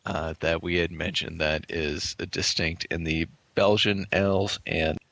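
Low gravelly guy on a podcast, bright edge to his voice, dry close sound, laid back and swearing a lot. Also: no echo. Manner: relaxed, swearing, halting restarts. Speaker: podcast co-host. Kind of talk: casual beer-tasting chat.

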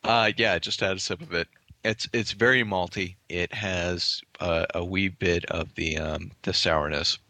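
A man co-hosting a podcast, chatting casually about beers he is tasting, with a relaxed, swearing manner full of restarts. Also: low voice, unhurried, no room sound. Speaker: podcast co-host. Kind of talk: casual beer-tasting chat.

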